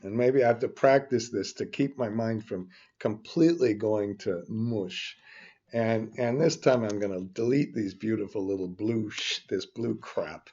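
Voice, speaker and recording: An older man with a lowish voice, a little mellow and breathy, speaks at normal speed in a dull lo-fi recording. He's a finance instructor in a screen-recorded spreadsheet tutorial, rambling through the lesson with grumbling asides and frequent restarts.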